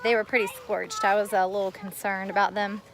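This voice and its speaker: Her mid-range voice is flat, a little fast, and fairly bright, with some hiss or hum as this homestead vlogger films a walking tour of her backyard garden on a phone. She chats casually and rambles, a bit winded, talking to her kids and dog along the way.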